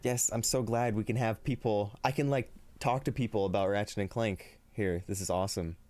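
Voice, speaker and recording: A man streaming live talks briskly in a low, darkish voice with a steady tone, and there's no room sound. He keeps things upbeat, laughing often and reading chat aloud in casual conversation with viewers, but he sounds tired and a little shaky.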